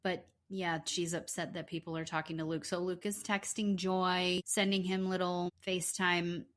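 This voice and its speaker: Woman, somewhat low voice, podcast co-host, casual agreeable recap talk. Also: flat delivery, a bit bright. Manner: agreeable, quick affirmations, recaps plot points. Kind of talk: casual chat recapping reality TV.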